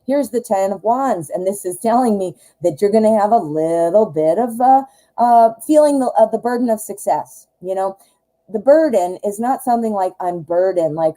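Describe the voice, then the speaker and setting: A woman's voice: medium pitch, lively intonation, normal speed, dark tone, poor audio. A woman hosting a live-stream tarot reading, chatty and enthusiastic, talking straight to the viewer.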